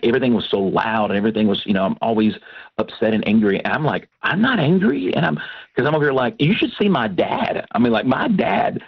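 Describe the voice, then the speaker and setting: A man from Texas, a pastor and Christian counselor, giving an animated personal testimony in a radio interview. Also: lowish voice, breathy edge. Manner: animated storytelling, acts out quoted voices. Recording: dull lo-fi radio broadcast.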